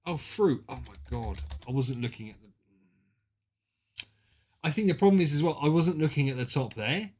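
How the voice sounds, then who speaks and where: A man's voice: a little high, moderate pace, long pauses, slightly rough. Sweary British man streaming a game. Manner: excitable, banter-heavy and sweary, reacting to guesses. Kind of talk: casual gaming stream chat.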